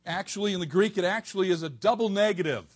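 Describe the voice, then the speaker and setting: A man preaching an expository sermon to a congregation, animated, swinging from soft asides to near-shouted emphasis. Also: high voice, fast talker.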